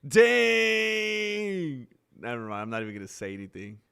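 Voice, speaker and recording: A young man hosting a live stream, joking and reacting excitably as he comments on fights. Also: lowish voice, racing, clean tone. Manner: excitable, joking, laughs often.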